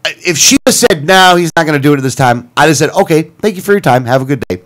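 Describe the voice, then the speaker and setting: A man co-hosting a radio talk show, telling a story in a casual, animated way, acting out both sides of a phone call. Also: on the high side, fast. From Florida. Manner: animated, retelling phone calls with quoted dialogue and self-corrections.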